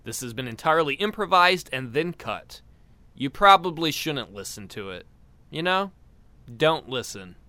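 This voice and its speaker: A man's voice: on the high side, very animated, normal speed, pushed and bright, no echo. A young man doing improvised stand-up comedy alone, rambling and self-mocking, laughing at his own jokes. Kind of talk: improvised solo stand-up without audience.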